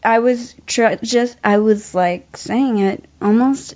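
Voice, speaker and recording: A young adult woman, an actor, telling an animated story in casual chat, laughing often and using many fillers. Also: a little high, takes it slowly. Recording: dull lo-fi sound.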